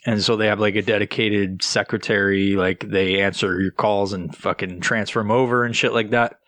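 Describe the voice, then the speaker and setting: Young male podcast host, low voice, dry close mic, profane and rambling. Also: steady tone, normal speed, fairly bright tone, no room sound. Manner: profane, rambling, filler-heavy. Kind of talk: casual chat.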